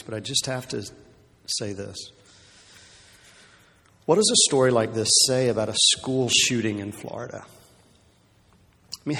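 Preaching man in a reverberant church. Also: medium pitch. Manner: animated, rising to loud emphatic peaks then dropping to near whispers; conversational asides with frequent restarts. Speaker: pastor. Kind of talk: sermon.

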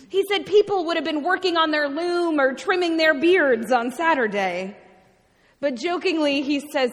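A woman preaching a sermon, telling a story expressively with dramatic pauses and repetition. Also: high-pitched, expressive, fairly bright tone. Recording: long reverb from a large hall.

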